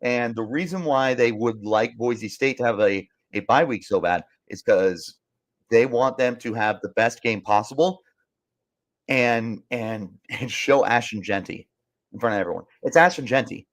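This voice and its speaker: A young man hosting a sports podcast rants emphatically in fired-up sports talk, repeating himself in frustration as he reads live comments. His voice is medium-pitched and unhurried.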